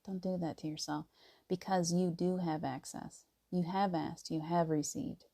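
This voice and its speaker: A woman giving a casual spiritual talk, laughing often and softening to near whispers as she acts out inner voices. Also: fairly low pitch, fairly even intonation, a little slow. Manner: soft and gentle, drops to near whispers. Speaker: spiritual teacher.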